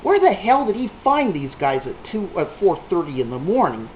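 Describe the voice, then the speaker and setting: A man's voice: high-pitched, big pitch swings, normal speed, slight background noise. A man telling a rambling, salty anecdote to a small group, with a punchline-driven delivery. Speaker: storyteller. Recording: echoey room on a tinny lo-fi line.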